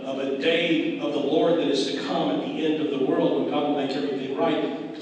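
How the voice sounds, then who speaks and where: A man preaching a sermon from a convention stage, his slightly high voice carrying through a big echoing hall. He sits well back from the microphone, so the long reverb washes over his words. He acts out dialogue and slips in wry humor between earnest stretches. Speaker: pastor. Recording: echoey hall, distant mic.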